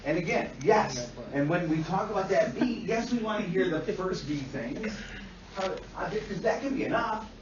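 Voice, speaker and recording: A man lectures a class in a blunt, lively way, swearing freely and slipping into the voices of clients. His voice sits a little high for a man. The recording picks him up from a distance in an echoey classroom, with a dull, lo-fi sound and a faint hiss. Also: moderate pace. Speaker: instructor.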